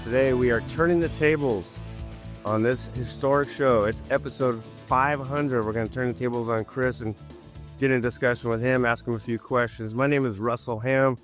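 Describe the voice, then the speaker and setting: A man's voice: mid-range voice, fairly even intonation, normal speed, music in the background. A man from Southern California opening a casual chat as guest moderator, easygoing and loose with filler words.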